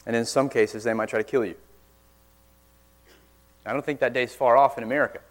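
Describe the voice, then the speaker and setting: A man preaching a sermon in church, earnest, pressing hard on key words and then dropping suddenly quiet. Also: mid-range voice, steady tone, a little fast. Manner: earnest, forceful emphasis with sudden quiet drops.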